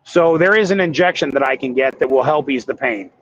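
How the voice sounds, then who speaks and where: A man's voice: medium pitch, fairly quick, a bit bright, lo-fi sound, a little hiss or hum. A man who drives trucks, talking candidly and hesitantly with viewers on a livestream from his cab. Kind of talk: casual livestream chat while driving.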